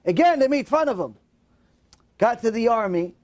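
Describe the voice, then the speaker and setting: A man telling a moral story in a sermon, animated and emotional, acting out the voices. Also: very high voice, moderate pace, long pauses. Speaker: religious storyteller.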